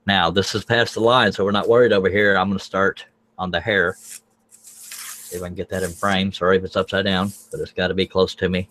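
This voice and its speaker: A man's voice: deep voice, little pitch movement, a little fast, fairly bright tone. A man hosting a live drawing tutorial, folksy and joking, thinking aloud as he works. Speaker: scroll saw pattern artist, livestream host.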